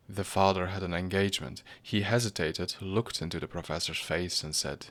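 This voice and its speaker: A man narrating a storybook reading in a measured, grave manner. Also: low-pitched, fairly even intonation, a bit bright.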